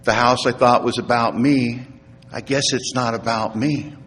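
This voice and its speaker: A middle-aged man stands before a recovery meeting and tells his story earnestly, with a middle-range voice. He drops into hushed, quiet tones at the tender parts. The long reverb of a large hall surrounds his voice. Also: mid-range voice, steady tone, a little slow, slightly rough. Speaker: AA speaker. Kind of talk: personal recovery talk to an audience.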